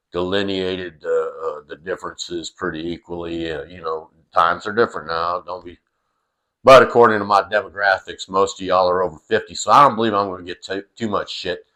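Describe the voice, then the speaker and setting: Speaking in a low, pushed, bright voice, a middle-aged man tells a funny family story casually. It rambles loosely, full of fillers and restarts, with the odd curse word thrown in.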